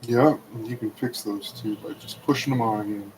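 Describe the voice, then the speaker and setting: A man's voice: fairly low pitch, steady tone, normal speed, background noise. A man giving brief, easygoing replies in a casual chat about model kits.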